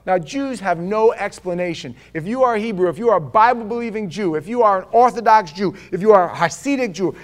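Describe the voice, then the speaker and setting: A man with a high voice, preaching a sermon with strong emphasis. He swings from forceful, raised declarations down to hushed, low asides. He puts rhetorical questions straight to his listeners.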